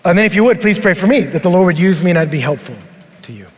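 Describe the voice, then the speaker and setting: High-voiced pastor preaching in an arena. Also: male voice, quick pace. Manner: animated storytelling, rising to shouts at high points. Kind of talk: conference sermon. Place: large arena. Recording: long arena reverb.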